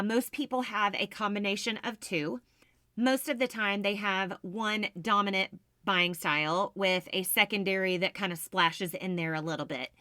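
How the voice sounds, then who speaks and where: A woman's voice: medium pitch, sharp tone, no room sound. A woman hosting a solo business podcast, explaining sales ideas in an upbeat, teacherly way. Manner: upbeat explanatory, self-described business nerd. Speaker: podcast host, sales coach.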